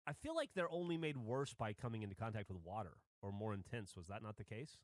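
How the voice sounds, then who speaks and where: A man's voice: fairly low pitch, sing-song, fast, no echo, clean studio sound. A man co-hosting a podcast, chiming in with teasing, skeptical questions. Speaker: podcast co-host. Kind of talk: casual chat.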